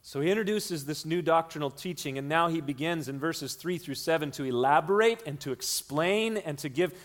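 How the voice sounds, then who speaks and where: Male pastor, slightly higher voice, earnest teaching sermon, repeats lines for emphasis. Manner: earnest teaching, shifts between slow emphasis and quick runs. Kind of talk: expository sermon.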